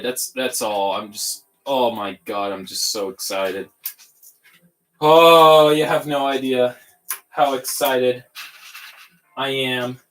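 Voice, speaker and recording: Excitable man on a hobby livestream. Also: mid-range voice. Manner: excitable, giddy, rambling. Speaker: livestream host building toys. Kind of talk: casual livestream tutorial.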